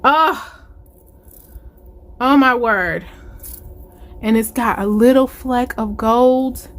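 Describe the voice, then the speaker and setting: Excitable woman gushing over an unboxing. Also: fairly high pitch, slow. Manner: gushing, excitable, exclamations of delight. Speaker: planner unboxing vlogger. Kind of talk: casual unboxing chat to viewers.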